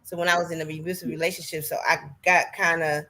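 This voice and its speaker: Bright-voiced woman chatting earnestly. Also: deep voice, level tone, fast, slight background noise. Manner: earnest, rambling, with many fillers. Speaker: podcast guest. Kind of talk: casual podcast chat.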